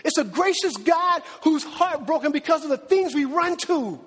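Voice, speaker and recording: A man's voice: very high-pitched, expressive, normal speed, a bit bright, in a large hall. A man preaching a conversational sermon in a church, full of rhetorical questions to the congregation. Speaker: pastor. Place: church sanctuary.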